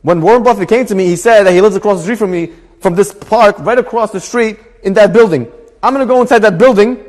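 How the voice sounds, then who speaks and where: Guy doing a panicky broke man, high and pushy, echoey hall. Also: quick pace, close to an everyday voice. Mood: urgent. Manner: pleading, rising to excited near-shouting. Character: desperate broke man, frantic and pleading.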